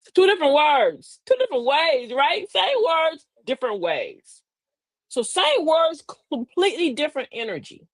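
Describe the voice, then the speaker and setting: Female live-stream host; folksy, preachy delivery, fairly high voice, dry close mic. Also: big pitch swings, moderate pace, no echo. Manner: folksy and preachy, addresses listeners as beloved, laughs often. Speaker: host of a live talk show. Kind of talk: live-stream talk with viewer shout-outs.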